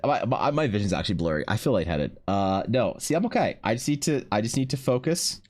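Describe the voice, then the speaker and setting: A man's voice: medium pitch, very animated, brisk, few pauses, a little mellow. A man streaming live while he draws, talking to his chat in a stammering, emotional way, restarting his words and swearing often.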